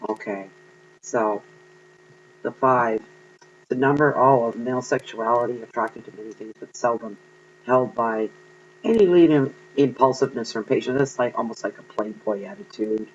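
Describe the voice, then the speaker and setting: A man giving an earnest, encouraging tarot reading to viewers, pausing often with ums. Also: medium pitch, highs cut off, slight background noise. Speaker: tarot card reader.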